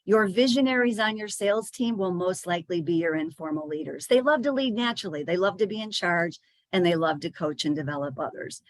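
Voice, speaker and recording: A woman's voice: on the low side, a little fast, dry recording. A woman giving a chatty presentation to sales leaders, with frequent fillers and small restarts.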